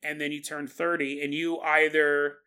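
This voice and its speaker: A man hosting a solo podcast, telling a story in an animated way and laughing as he acts out quotes. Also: fairly high pitch, moderate pace, clean tone. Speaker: podcast host. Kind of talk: casual solo podcast monologue.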